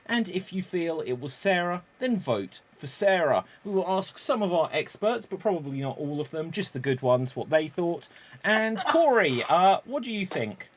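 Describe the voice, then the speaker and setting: A man hosting an improv comedy game with brisk, wry announcements. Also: high-pitched, sing-song, a little hiss or hum. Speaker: host.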